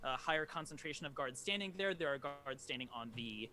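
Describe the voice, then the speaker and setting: A man runs a tabletop game, describing the scene with frequent ums and restarts. His voice is bright and sits a little high for a man. He narrates rather than acts. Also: lively intonation, slight background noise. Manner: halting, lots of ums and restarts. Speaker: game master.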